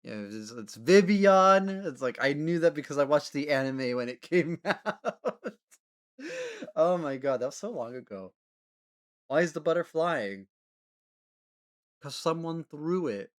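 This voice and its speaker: A man chatting casually with his live-stream audience, rambling with lots of fillers and frequent laughter. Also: on the high side. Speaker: livestreamer.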